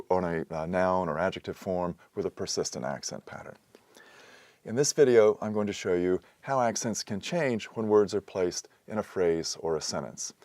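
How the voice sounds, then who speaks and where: Low-voiced man teaching slowly. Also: darkish tone, dry recording. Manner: measured, explanatory, with frequent "uh" pauses. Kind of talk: recorded lecture.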